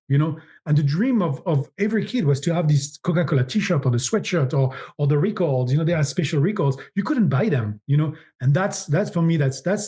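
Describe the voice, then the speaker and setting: A man's voice: on the high side, dark tone. A middle-aged man with a French accent, a guest in a podcast interview, talking animatedly and often repeating words as he searches for phrasing. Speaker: agency founder, guest.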